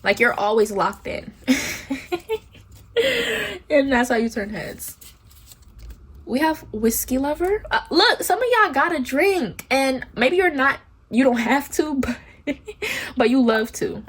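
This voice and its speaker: A woman's voice: high voice, expressive, measured pace, pauses often, breathy edge. A woman doing a pick-a-card tarot reading, talking bluntly and candidly in a chatty way, with casual swearing. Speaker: tarot reader.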